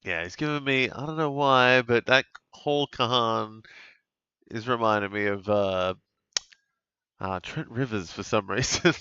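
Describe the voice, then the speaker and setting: A man casually commenting on a live football game for his stream, chatty and relaxed, with sudden bursts of excitement at big plays. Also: mid-range voice, unhurried, clear, resonant tone, no echo, lo-fi sound. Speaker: fantasy football streamer calling a live watch-along.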